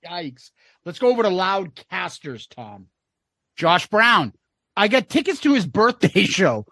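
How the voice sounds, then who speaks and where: Animated male podcast co-host. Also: sits high, a little slow, no echo. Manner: reads comments aloud with wry asides. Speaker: podcast co-host reading listener comments. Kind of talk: casual podcast chat.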